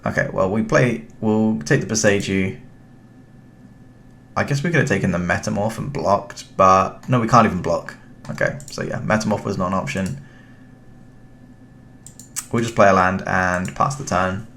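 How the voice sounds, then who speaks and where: A young British man gives relaxed commentary on his card game, talking to himself and his opponent as he plays. His voice sits low with plenty of gravelly fry. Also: normal speed, long pauses, a little hiss or hum. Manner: relaxed, thinking aloud, chatty with the opponent. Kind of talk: casual gameplay commentary.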